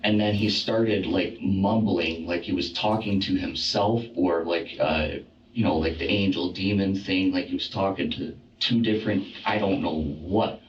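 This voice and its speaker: Distant low-voiced man recounting, halting. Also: steady tone, a little hiss or hum. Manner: halting, many fillers and restarts. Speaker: interviewee recounting an assault. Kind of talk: recorded documentary interview. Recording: roomy, distant, dull clip.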